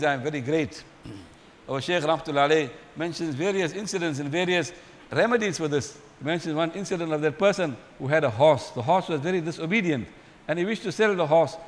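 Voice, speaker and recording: Fast-talking male preacher in a reverberant hall. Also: on the high side. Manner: earnest, repetitive moralizing with Arabic and Urdu phrases. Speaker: Islamic preacher. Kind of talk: sermon.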